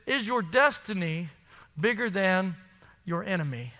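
A man's voice: sits high, bright, forceful tone, big-room sound. A man preaching a sermon to his congregation, emphatic and conversational, asking the room questions. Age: adult with children. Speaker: pastor. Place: church sanctuary.

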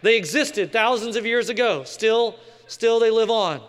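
Male pastor, casual joking sermon delivery, very high voice, long hall reverb. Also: a little slow, fairly bright tone. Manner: casual, joking preaching with slang asides.

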